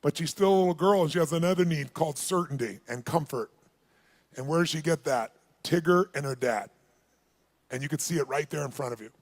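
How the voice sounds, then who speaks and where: Brief: a man with a high voice, a seminar speaker who tells a story with energy and gets the room to answer. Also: fairly quick. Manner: animated, calls on the audience, acts out dialogue. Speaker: motivational speaker.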